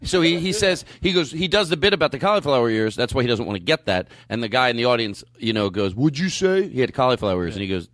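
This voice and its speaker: A man's voice: medium pitch, expressive, fast talker, hardly any pauses, fairly bright tone, no room sound. A man hosting a podcast in casual chat, rambling with many restarts and fillers. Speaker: podcast host.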